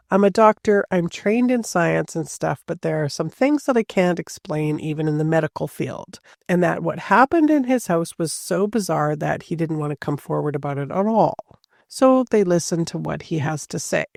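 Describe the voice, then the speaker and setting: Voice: medium pitch, vocal fry, a little mellow, no echo, studio quality. A podcast host telling a true-crime story casually, with chatty asides and a lot of "like".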